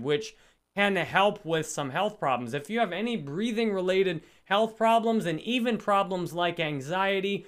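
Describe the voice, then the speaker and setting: A man's voice: a little high, a bit bright. A man hosting a casual livestream book discussion, talking earnestly and greeting viewers in the chat. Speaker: livestream host.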